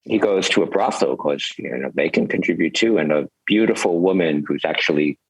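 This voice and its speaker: A man's voice: low voice, fairly quick, breathy edge, dry recording, poor audio. An older man, a Zen teacher, telling stories as a podcast guest in a rambling, reflective way with chuckles. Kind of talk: storytelling in a podcast interview.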